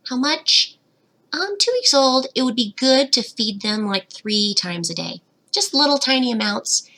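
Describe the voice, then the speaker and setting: A woman's voice: fairly high pitch, lively intonation, unhurried, pushed and bright. A young woman hosting a casual livestream Q&A, reading chat comments aloud and giggling, her voice slightly cracking, into a webcam at home. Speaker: fish-keeping channel host, betta breeder.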